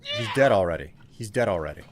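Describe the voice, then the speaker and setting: A man's voice: lowish voice, sing-song, fast talker, a crowd in the background. A man streamer giving casual, dry and sarcastic commentary while playing a game.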